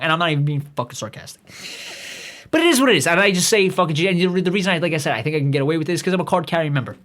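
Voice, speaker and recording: Fast-rambling foul-mouthed man. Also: a little high, expressive. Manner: rambling, heavy swearing, many restarts; acts out quoted voices in his own voice. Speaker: podcast host. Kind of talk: profane comedic monologue.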